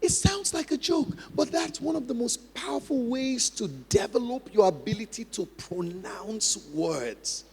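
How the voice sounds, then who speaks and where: High-pitched man preaching in a hall. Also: animated, moderate pace, few pauses, a little mellow, slightly rough. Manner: emphatic, repeats key phrases, mimics practice drills. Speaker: pastor. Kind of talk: sermon. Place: large church hall. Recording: long hall reverb.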